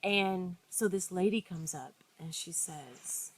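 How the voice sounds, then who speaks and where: Lively storytelling woman co-host. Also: lowish voice, slow, husky. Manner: animated storyteller, acts out quotes, many restarts. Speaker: podcast co-host. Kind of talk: casual storytelling chat.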